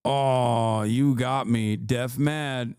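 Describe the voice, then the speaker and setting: A man in his thirties talks through a casual reaction stream with a mocking, sarcastic edge, laughing as he goes. His voice is smooth and resonant, recorded close and dry. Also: mid-range voice, steady tone, very slow, darkish tone, dry recording.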